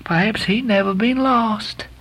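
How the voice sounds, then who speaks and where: A woman's voice: medium pitch, a little slow, a bit bright. A woman voicing a young, crazed ship's boy who rambles and calls out in a sing-song way. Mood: tender wondering.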